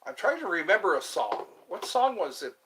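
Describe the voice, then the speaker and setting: A man's voice: high-pitched, sing-song, normal speed, bright, forceful tone, a little hiss or hum. A man hosting a casual livestream, rambling between topics and greeting viewers as they join. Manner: rambling, drifts between topics and hums snatches of songs. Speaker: livestream host.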